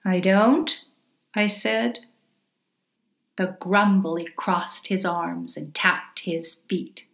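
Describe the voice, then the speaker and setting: Slow, playful woman reading a storybook. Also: fairly low pitch, steady tone, creaky, a bit bright, roomy sound. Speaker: author reading her picture book. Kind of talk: storybook read-aloud for children.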